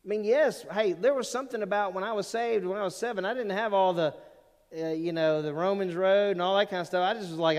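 A man preaching a sermon as pastor, earnest, with emphatic rising peaks and quieter asides. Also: high voice, fairly even intonation, quick pace. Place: church sanctuary. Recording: long reverb of a church hall.

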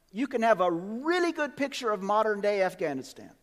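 Man, preacher, sermon, high voice, emphatic, long hall reverb. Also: big pitch swings, brisk, few pauses. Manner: emphatic, swings from quiet to loud.

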